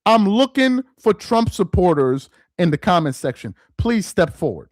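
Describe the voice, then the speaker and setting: A man hosting a live-stream commentary, reading aloud slowly with heavy emphasis and mocking what he reads. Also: high-pitched, very animated, no echo, clean studio sound. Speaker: political commentary host.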